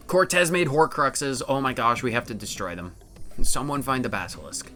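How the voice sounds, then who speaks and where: Bright-voiced man commenting on gameplay. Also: mid-range voice, faint music behind. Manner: playful, chatty, quick asides. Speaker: let's-play commentator.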